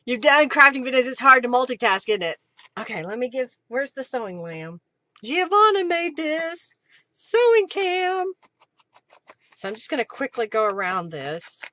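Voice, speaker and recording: Slow chatty woman, higher voice. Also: bright, forceful tone, a little hiss or hum. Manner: chatty, greets viewers by name, narrates each step. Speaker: craft livestream host. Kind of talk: live crafting demo and chat.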